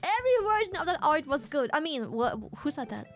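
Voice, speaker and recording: Brief: high, lively woman streamer, giggly teasing banter, faint music behind. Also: fairly quick. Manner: giggly, teasing, swears freely. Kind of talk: casual live-stream chat.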